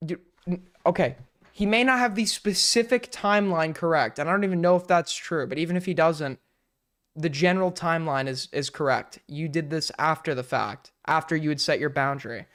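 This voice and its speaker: A man doing heated live commentary on a clip, mocking and excitable, sometimes breaking into loud rants. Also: on the high side, brisk. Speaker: commentary streamer reacting to a clip.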